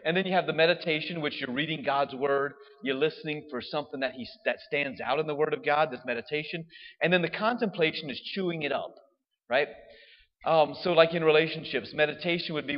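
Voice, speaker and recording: A man's voice: fairly high pitch, long reverb tail, highs cut off. A man, a priest giving a casual homily, chatty and laughing as he tells stories. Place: church.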